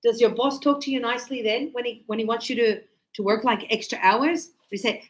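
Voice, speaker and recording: A woman with a fairly high voice teaches an English class in an easy, conversational way. She acts out everyday exchanges and fills her pauses with playful sound effects. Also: steady tone, low-quality recording. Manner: chatty, acts out little scenes with sound effects.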